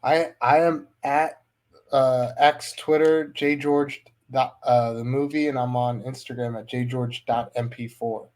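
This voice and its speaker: A man's voice: mid-range voice, steady tone, measured pace, darkish tone. A man who wrestles, talking casually as a podcast guest and promoting his upcoming shows. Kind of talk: casual chat.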